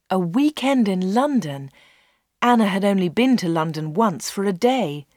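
Slow, clear woman reading a story. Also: medium pitch, lively intonation, a little mellow, dry recording, studio quality. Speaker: narrator. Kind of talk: scripted storybook narration.

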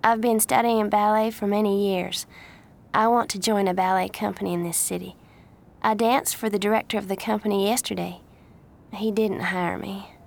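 Dixie, a woman doing a soft-spoken young dancer. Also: medium pitch, steady tone, moderate pace, creaky, lightly acted. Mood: gentle. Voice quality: soft, gentle. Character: gentle young Southern woman, ballet dancer.

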